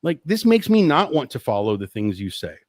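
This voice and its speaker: A man's voice: fairly high pitch, very animated, a little fast, no echo. Profane ranting man, very dry sound. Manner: profane, exasperated, rambling. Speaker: host. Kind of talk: live-stream rant.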